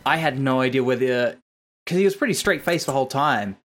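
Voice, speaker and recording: A man's voice: mid-range voice, brisk, a bit bright. A man co-hosting a podcast, talking in a loose, rambling way and swearing casually. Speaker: podcast co-host and interviewer. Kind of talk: casual chat.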